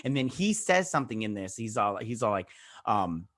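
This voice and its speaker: This show host reviews a TV episode in a casual vlog, his fairly low, fairly bright voice moving in a sing-song pattern at normal speed. He rambles through the recap, voices the characters' lines, often starts over, and says "he's all like" a lot. The sound is clean studio audio with no echo.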